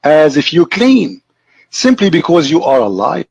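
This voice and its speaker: Guy with as ranting over a debate clip, mocking, a bit high voice. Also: wildly swooping pitch, unhurried, creaky, a little mellow, husky. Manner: mocking, argumentative, talks at the viewer. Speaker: commentator replaying a debate. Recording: lo-fi online voice chat.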